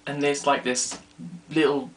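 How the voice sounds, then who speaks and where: A young man telling a rambling, self-mocking story to camera in a casual vlog, now and then dropping to quiet asides. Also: a little high, level tone, measured pace, soft background music. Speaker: vlogger.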